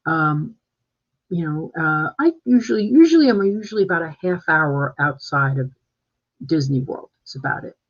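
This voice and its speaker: A man's voice: on the high side, lively intonation, moderate pace, a bit bright, slightly rough. Chatty man on a dull lo-fi stream. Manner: rambling and chatty, full of fillers and restarts. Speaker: real estate agent. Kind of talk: casual live-stream chat. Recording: dull lo-fi live-stream audio.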